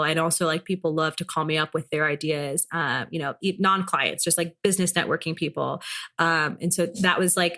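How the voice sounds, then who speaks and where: A woman's voice: fairly low pitch, moderate pace, sharp tone. A woman in her thirties, a business founder talking as a podcast guest in a chatty, playful way with plenty of fillers. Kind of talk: casual interview chat.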